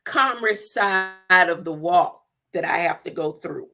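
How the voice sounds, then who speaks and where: Very slow-talking woman, bright voice. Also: fairly low pitch, creaky. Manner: unhurried, laughing often, repeating words for emphasis. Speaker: livestream host. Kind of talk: spiritual livestream talk with affirmations.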